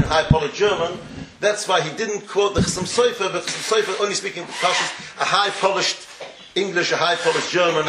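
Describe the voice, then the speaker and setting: A man's voice: high voice, a bit bright, slight background noise. Man lecturing in an echoey room. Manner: digressive, explanatory, sprinkled with Yiddish and Hebrew terms. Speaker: rabbi teaching a class. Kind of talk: Torah lecture.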